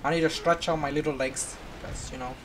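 Excitable gamer teasing a buddy. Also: mid-range voice, fairly quick, background noise. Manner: playful, excitable, teasing a friend. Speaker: gamer narrating gameplay. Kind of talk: casual gameplay commentary.

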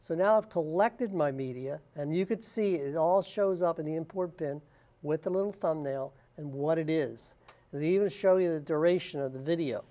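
Guy doing a screen tutorial, mellow warm voice, step by step, lots of uhs. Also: fairly high pitch, moderate pace. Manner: plain step-by-step explaining with frequent fillers. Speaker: software tutorial instructor. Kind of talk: screen-recorded software walkthrough.

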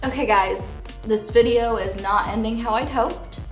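A woman's voice: a little high, measured pace. A woman motorcycle vlogger talking casually and candidly while upset and tearful, swearing now and then. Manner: candid, swears, laughs between lines. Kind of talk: casual vlog chat. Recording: echoey room with faint music.

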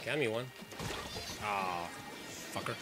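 A man giving excitable, swearing let's play commentary while he plays. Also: lowish voice, slow. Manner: excitable, swearing, trash-talking. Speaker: gamer. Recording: game music clearly behind voice. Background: game music.

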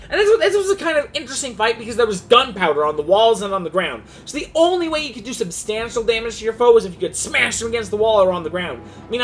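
A man's voice: extremely high pitch, a bit bright. A man hosting a gaming channel, giving an unscripted, goofy recap of a game's story mode with frequent restarts.

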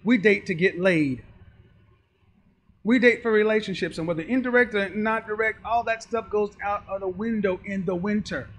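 A man's voice: high voice, normal speed, a bit bright. A man giving emphatic, preachy dating commentary, acting out the people he talks about. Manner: emphatic, preachy, acts out quoted voices. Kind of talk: lecturing commentary.

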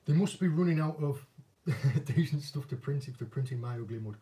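Northern English fisherman, easygoing self-deprecating chatter, warm low-key voice, recorded a little off-mic. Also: expressive, fairly quick. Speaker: angling vlogger and former commercial fisherman. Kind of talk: casual viewer Q&A chat. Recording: voice a bit distant from the mic.

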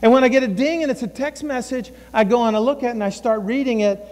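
A middle-aged male pastor delivers a sermon in a church sanctuary, preaching conversationally, repeating words and acting out the voices of people he quotes. His voice is very high-pitched and darkish in tone, and he talks fast. The recording carries a long hall reverb.

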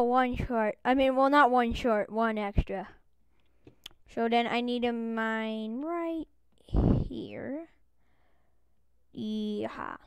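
A woman's voice: a little high, drawn-out words, pauses often, smooth, no room sound. A woman giving casual let's-play commentary as a game channel host, bubbly and chatty, with lots of exclamations.

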